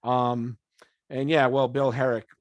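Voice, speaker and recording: A podcast interviewer with a mid-range voice chats casually and unhurriedly with a band, captured in a dry recording. He swears freely, laughs often, and tells stories in an animated way, acting out scenes in quoted voices.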